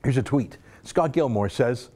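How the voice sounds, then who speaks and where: Sarcastic man with mellow voice. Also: medium pitch, lively intonation, measured pace. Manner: sarcastic, mocking, scoffs and laughs while reading. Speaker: political commentator. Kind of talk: opinion monologue reading tweets aloud.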